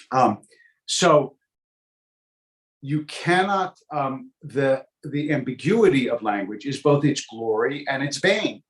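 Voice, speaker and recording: A man who teaches a weekly Torah class as a rabbi. He speaks conversationally, thoughtfully and with wry humor, and he wanders off on digressions with frequent ums. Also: mid-range voice. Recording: roomy echo.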